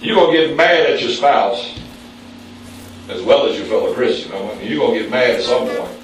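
A man preaching a sermon in a church, calling on the congregation for responses and jumping up in pitch for emphasis. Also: expressive, moderate pace, a little hiss or hum. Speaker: pastor. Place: church sanctuary. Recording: very echoey room, mic at a distance.

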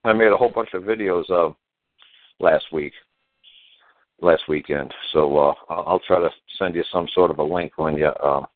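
Deep-voiced older man on tinny line. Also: normal speed, no echo. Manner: plain, blunt, repetitive and folksy. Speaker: radio show host. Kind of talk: casual talk radio chat. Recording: tinny phone-line radio sound.

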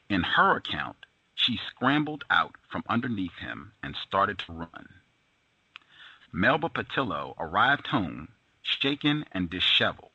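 A man reads a book passage aloud on a talk show. He has a gravelly, husky voice with a lively, rising and falling pitch and frequent "uh" fillers. The recording sounds dull and lo-fi. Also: no room sound. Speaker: host.

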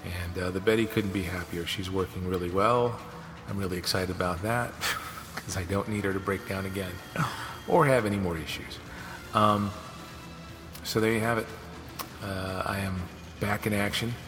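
A man's voice: sits low, normal speed. A man hosting his own podcast, telling stories casually and acting out what other people said. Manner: animated, acts out quoted dialogue. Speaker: podcast host. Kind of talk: casual storytelling monologue. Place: home office studio. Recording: long reverb with music behind.

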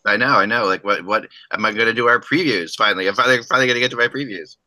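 Bright-voiced man hosting a hockey podcast. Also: on the low side, racing, poor audio. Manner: rambling, restarts often, joking. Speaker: podcast host. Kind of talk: casual hockey podcast chat.

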